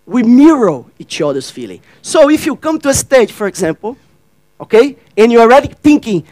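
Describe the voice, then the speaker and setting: High-voiced man speaking on stage. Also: big pitch swings, moderate pace, a little mellow, dry recording, rough recording. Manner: addresses and questions the audience, acts out dialogue; non-native grammar, repeats phrases. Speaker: workshop speaker. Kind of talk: interactive stage talk.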